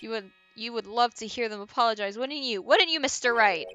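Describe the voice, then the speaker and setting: A woman's voice: fairly high pitch, a little fast, sharp tone, soft background music. A woman voicing a pompous, vengeful male doctor who talks in a smug, gloating way.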